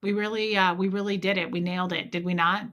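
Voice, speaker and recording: A woman's voice: medium pitch, little pitch movement, quick pace, a bit bright, dull audio. A woman hosting a casual livestream chat, sarcastic and mocking, swearing freely and greeting viewers by name. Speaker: livestream host. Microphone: home streaming mic.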